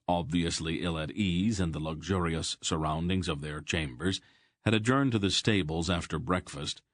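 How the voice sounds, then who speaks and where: A man narrating a fantasy audiobook in a measured, expressive storytelling way. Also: low voice, dry recording, studio quality.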